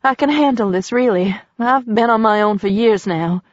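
A woman narrator voicing a frightened but stubborn young woman who talks back with sarcasm, pitched a bit higher. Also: moderate pace, dry recording, lo-fi sound, natural voice. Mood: tense. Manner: tense, defiant, sarcastic.

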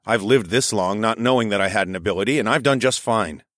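A man narrating a first-person story in a calm, steady reading voice. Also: on the low side, fast talker, dry recording, studio quality. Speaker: audiobook narrator.

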